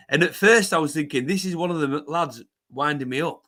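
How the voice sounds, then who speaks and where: A man, a former rugby league player, telling his story as a podcast guest in an animated way, often restarting and repeating words. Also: a little high, a little fast. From England.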